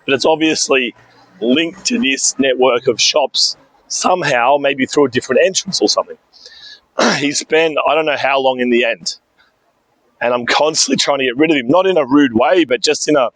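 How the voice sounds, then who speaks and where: A man's voice: mid-range voice, normal speed, a bit bright, no room sound. Australian man with a scratchy throat. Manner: rambling anecdote with frequent "right?" tags. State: throat trouble, clearing throat and coughing. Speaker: vlogger. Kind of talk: casual storytelling vlog.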